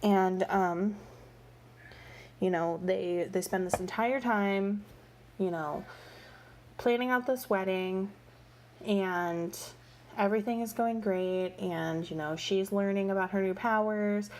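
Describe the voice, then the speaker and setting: A woman's voice: mid-range voice, takes it slowly, pauses often, a little mellow. A woman casually retelling a book series in a rambling, gossipy way, full of fillers like "like" and "you know.". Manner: exasperated, gossipy storytelling. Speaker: book reviewer. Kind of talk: casual chatty book review.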